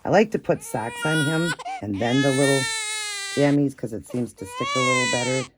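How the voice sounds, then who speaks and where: A woman's voice: a bass voice, moderate pace, heavy background noise. A woman vlogging as she cares for a baby doll, chatting in a soothing way and often repeating herself. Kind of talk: casual doll-care vlog. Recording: loud baby crying behind.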